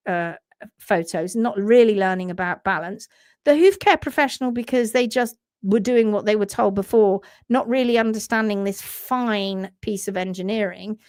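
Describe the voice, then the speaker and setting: Passionate woman with gravelly voice. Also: on the high side, no room sound, studio quality. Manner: passionate, reads viewer comments aloud. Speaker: podcast co-host. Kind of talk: casual live podcast chat.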